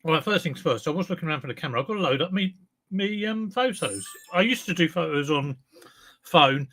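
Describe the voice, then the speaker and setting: A man's voice: a little high, expressive, a little fast, a bit bright. A man chatting casually on his live stream as a clothes reseller, self-mocking, humming along and talking while he eats. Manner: chatty, self-mocking, breaks into song and talks while eating.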